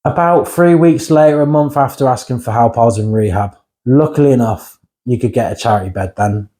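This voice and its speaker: With a warm, medium-pitched voice and a slightly fast pace, this man shares his personal history candidly in an interview. He swears from time to time and checks in with the listener by saying "right?" over and over.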